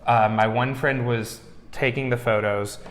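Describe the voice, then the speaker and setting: A man's voice: mid-range voice, measured pace. A man talks easily through his stories, leaning on "you know" as he goes. He is the guest in an interview. The room is echoey, with a long reverb tail around his voice. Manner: relaxed storyteller, frequent "you know". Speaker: museum owner, interviewee. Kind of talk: casual interview chat.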